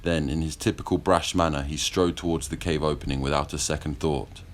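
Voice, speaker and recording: A man reading a historical fiction audiobook in a measured, steady storytelling manner. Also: a bass voice, slight background noise. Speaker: audiobook narrator. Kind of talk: scripted narration.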